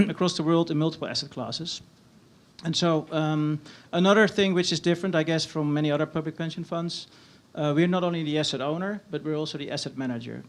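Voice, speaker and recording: Modest man panelist. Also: on the high side. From Netherlands. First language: Dutch. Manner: polite, modest, measured, lightly humorous. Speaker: pension fund panelist. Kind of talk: panel talk.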